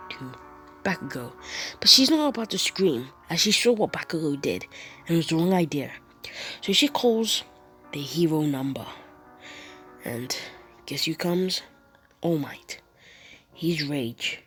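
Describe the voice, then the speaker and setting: A woman with a stuffy nose tells a fan story in a casual, half-whispered way. Her voice sits low and moves slowly. Faint music plays behind her. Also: animated, a bit bright. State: congested from a cold. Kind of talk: fan fiction voiceover narration.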